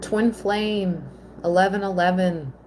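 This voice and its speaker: A woman giving a live tarot reading, slow and earnest, at times emotional. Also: medium pitch, fairly even intonation, a little mellow, slight background noise. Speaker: tarot reader.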